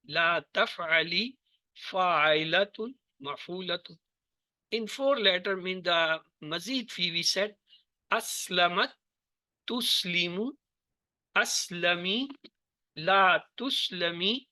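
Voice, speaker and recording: A man teaching Quranic Arabic in a recorded lesson. He drills verb forms one by one, glosses each in plain, slightly broken English, and sometimes pauses with small hesitations. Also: high voice, pushed and bright, no echo.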